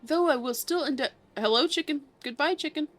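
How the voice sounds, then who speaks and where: A woman playing a puffed-up gentleman detective from a video game, drawling in a southern accent and talking in stately, old-fashioned phrases. A bumbling adult man who takes himself very seriously, with a fairly high voice from the woman putting him on. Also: normal speed, close to an everyday voice. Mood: pompous. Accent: put-on southern drawl. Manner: grandiose, old-fashioned formal diction. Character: pompous bumbling gentleman inspector, male adult. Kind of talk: reading game dialogue aloud.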